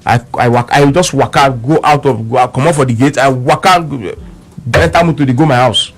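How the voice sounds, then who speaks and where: This man's medium-pitched voice moves fairly quickly as he tells a radio story in a Nigerian Pidgin accent. Emphatic throughout, he repeats words and voices the back-and-forth of an argument from both sides.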